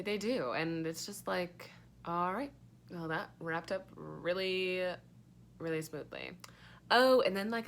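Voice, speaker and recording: A woman's voice: on the low side, fairly bright tone. A young woman giving a casual, rambling book review, sarcastic and full of fillers and swearing.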